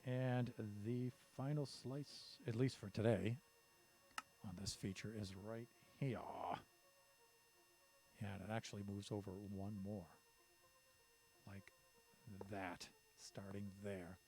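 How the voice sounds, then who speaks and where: A man's voice: fairly low pitch, fairly even intonation, slow, long pauses, dark tone, faint music behind. A man streaming a building game, counting blocks aloud and talking to himself as he works. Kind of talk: casual commentary while building in a game.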